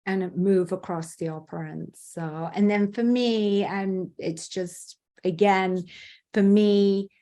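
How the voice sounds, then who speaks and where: A woman, a behavior analyst and interview guest, tells stories in a lively way with laughs between her words. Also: mid-range voice, slow. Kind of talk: conversational interview.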